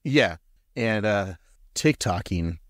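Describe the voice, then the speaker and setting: A man's voice: lowish voice, animated, slow pace, a bit bright, no echo, studio quality. A man co-hosting a podcast, recapping an episode with teasing, sarcastic banter. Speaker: podcast co-host. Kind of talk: casual chat and episode recap.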